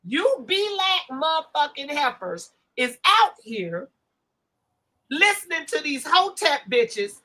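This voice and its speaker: A woman's voice: sits high, very animated, slow, sharp tone. A woman ranting in a blunt, profane commentary, scolding her listeners and mocking the people she talks about. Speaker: commentary vlogger.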